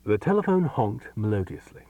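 A man narrating a comic short story as an audiobook, expressive and unhurried. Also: fairly low pitch, dry recording, far from the mic, muffled recording.

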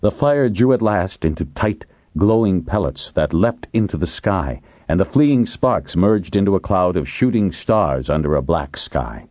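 A man narrating an audiobook in a measured, deliberate way, drawing out phrases. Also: deep voice, lively intonation, darkish tone, dry recording.

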